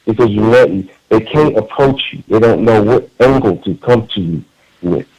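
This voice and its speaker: A man's voice: medium pitch, a little mellow, rough recording. A man calling in to a radio talk show, speaking in an earnest, emphatic way with frequent repeated words and restarts. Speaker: caller.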